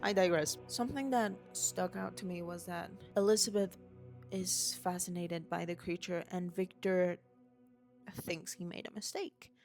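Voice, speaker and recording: A woman's voice: fairly low pitch, fairly even intonation, unhurried, a little mellow, faint music behind. Gushing young woman ranting about a movie. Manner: gushing, rambling, swears casually. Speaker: vlogger. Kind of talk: unscripted excited movie rant. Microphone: handheld mic waved around.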